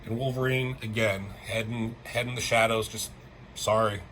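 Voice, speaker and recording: A man's voice: on the low side, steady tone, moderate pace, a bit bright, a little hiss or hum, low-quality recording. Chatty man reviewing comics, swearing freely. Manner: chatty, swears freely, acts out character lines in a raised voice. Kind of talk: casual chat.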